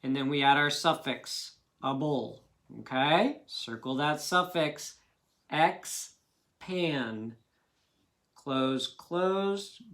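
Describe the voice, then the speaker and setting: A man's voice: high-pitched, a bit bright. A man teaching a children's phonics lesson, patiently sounding out words syllable by syllable.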